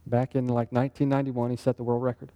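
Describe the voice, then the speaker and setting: A man with a mellow, mid-range voice leads a laid-back Bible study, talking conversationally. By checking in with quick questions to the group, he makes this interactive sermon sound like a casual teaching session instead of a formal address.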